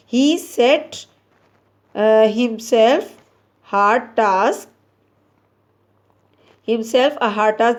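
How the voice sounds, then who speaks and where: A woman teacher reading out grammar exercises and labelling each answer, slow and deliberate, correcting herself as she goes. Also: on the high side, darkish tone. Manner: slow and deliberate, with frequent restarts and self-corrections. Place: Pakistan.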